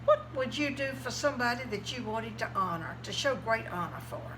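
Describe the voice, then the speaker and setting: A woman's voice: on the high side, lively intonation, normal speed, noisy background, close to an everyday voice. Woman doing a commanding king. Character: commanding adult male king of a palace.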